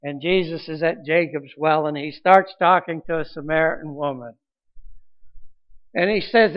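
A man's voice: a little high, normal speed, highs cut off. A man preaching a sermon as pastor, earnest, with restarts and rising emphasis.

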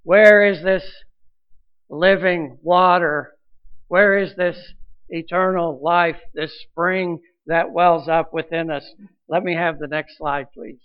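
A man's voice: fairly high pitch, fairly even intonation, slow pace, smooth, phone-quality sound. A man preaching a sermon as pastor, earnest, with restarts and rising emphasis.

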